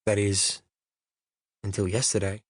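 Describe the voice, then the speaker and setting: Low, even-toned male audiobook narrator. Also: unhurried, breathy edge, no room sound, studio quality. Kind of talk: first-person literary narration.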